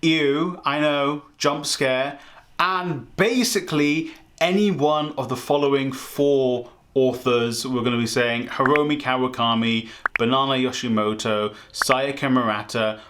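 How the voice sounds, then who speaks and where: A young man ranting in a book review vlog, animated, profane and exasperated. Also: mid-range voice, a little slow, slight background noise. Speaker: book vlogger.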